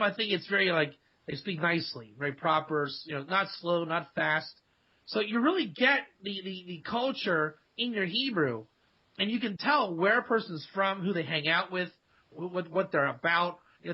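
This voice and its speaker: A man from Ohio with a high, husky voice, guesting on a radio talk show. He tells stories in an animated way and slips into quoted voices. The sound is dull and lo-fi. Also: moderate pace. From Dayton, Ohio, USA. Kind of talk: casual radio interview.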